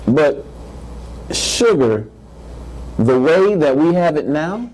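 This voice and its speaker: A middle-aged man, an imam, giving a playful, animated faith-based lecture to a live audience, often repeating words as he builds a point. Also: on the high side, slow pace, poor audio.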